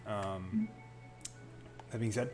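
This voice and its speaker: A man narrating as game master of a tabletop game, relaxed and meandering. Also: lowish voice, very slow, over music.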